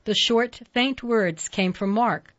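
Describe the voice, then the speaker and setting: A woman narrating a storybook at a steady pace, giving each character its own voice. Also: on the high side, takes it slowly, dry recording. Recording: dull lo-fi dry recording.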